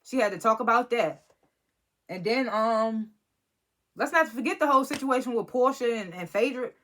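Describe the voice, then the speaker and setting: A woman's voice: on the high side, normal speed, fairly bright tone, slight background noise. A woman giving a casual, rambling review of a reality TV episode, sounding exasperated and often restarting her sentences. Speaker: reality TV recap vlogger.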